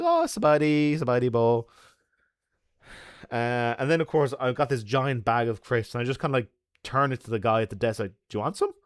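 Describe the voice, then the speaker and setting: Chatting with his stream viewers, a young man on YouTube spins animated stories, laughing a lot and swearing as he goes. His voice is mid-pitched, recorded dry and close with hardly any room echo.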